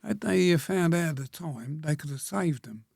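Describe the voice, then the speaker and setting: A 100-year-old war veteran reminiscing as an interview guest, speaking plainly and slowly, with pauses and throat-clearing. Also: male voice, on the high side, lively intonation, darkish tone, dry recording, clean studio sound. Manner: plain-spoken, slow storytelling, frequent pauses and throat-clearing.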